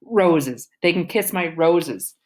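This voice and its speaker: A woman's voice: lowish voice, expressive, slow pace. A woman reading a joking, easygoing father. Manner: easygoing, teasing, casual slang. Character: warm, joking father, middle-aged man.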